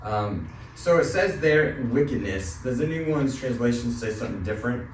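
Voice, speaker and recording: A man's voice: medium pitch, animated, moderate pace. Man teaching a church class, echoey room. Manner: conversational, asks the class questions, tells a joking story. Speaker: Bible study teacher. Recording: roomy, mic from a distance, faint noise.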